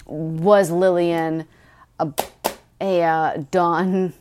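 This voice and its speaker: Crude, jokey woman co-host with a low voice. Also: level tone, drawn-out words, darkish tone, a little hiss or hum. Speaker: book discussion co-host. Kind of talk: casual chat.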